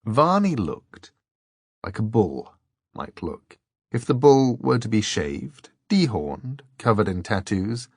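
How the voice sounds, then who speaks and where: Brief: a male audiobook narrator, low and unhurried, steady and deliberate. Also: slightly rough, no room sound, clean studio sound. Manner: measured, deliberate storytelling. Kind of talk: scripted narration.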